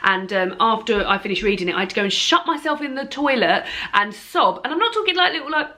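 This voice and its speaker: A woman's voice: on the high side, big pitch swings, quick pace, pushed and bright. A young woman chatting at home to camera about her reading plans, giggly and chatty with lots of ums and restarts. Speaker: book vlogger. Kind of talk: casual chat to camera. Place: at home indoors.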